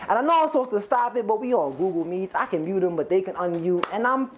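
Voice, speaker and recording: A man's voice: high-pitched, lively intonation, fast talker. A man doing a stand-up comedy set, rambling, profane and conversational as he talks straight to the crowd on stage. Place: stage before a live audience.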